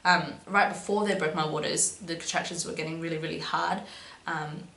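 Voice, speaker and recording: Young woman, low-ish voice, casual storytelling, lots of ums, echoey room, faint hum. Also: steady tone, moderate pace, creaky, a bit bright. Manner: chatty, many "um"s and "but yeah"s. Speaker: vlogger.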